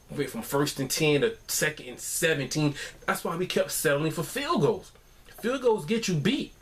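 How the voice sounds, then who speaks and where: A man giving a casual football recap at home in a rambling, exasperated way, with many restarts. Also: mid-range voice. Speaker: fan commentator.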